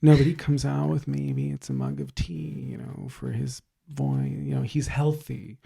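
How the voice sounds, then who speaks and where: A man's voice: medium pitch, animated, a little slow, creaky, dark tone, husky. A man co-hosting a podcast, ranting and sarcastic in casual comedic chat. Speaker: podcast co-host.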